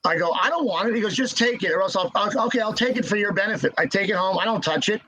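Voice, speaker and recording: A man telling stories as a podcast guest in casual chat, halting and repeating words as he restarts. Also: high-pitched, expressive, sharp tone, breathy edge, rough recording.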